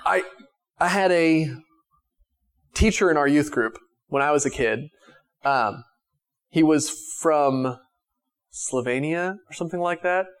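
A man preaching a sermon to his church in a conversational way, with many restarts, swinging from raised emphatic lines to quiet, soft ones. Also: a little high, measured pace, pauses often, clean tone. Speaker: pastor.

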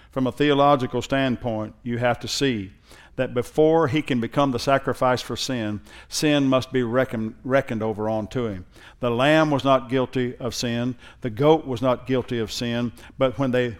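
Man, pastor, preaching, mid-pitched voice, building emphasis. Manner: conversational preaching that builds in force. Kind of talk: sermon.

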